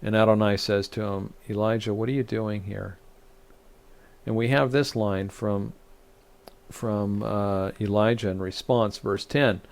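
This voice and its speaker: Man, gravelly, low voice, rabbi teaching scripture, reads passages aloud, halting restarts. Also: steady tone. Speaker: rabbi teaching Torah study. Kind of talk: Bible study teaching.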